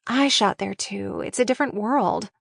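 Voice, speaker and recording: A woman's voice: medium pitch, normal speed, vocal fry, dry recording, clean studio sound. A woman voicing a young woman sharing grim gossip, matter-of-fact, while reading a script aloud.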